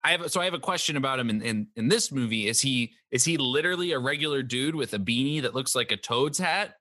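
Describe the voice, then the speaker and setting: A man's voice: medium pitch, animated, fast, bright, forceful tone. A man in casual chat, asking questions and fumbling for his words. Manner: inquisitive and searching for words.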